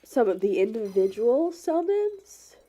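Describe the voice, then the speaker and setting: A woman's voice: a little high, sing-song, measured pace, dark tone. A woman with a cold, sounding congested and sniffly, hosting casual gameplay commentary in an apologetic, rambling way with many fillers. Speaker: gaming channel host.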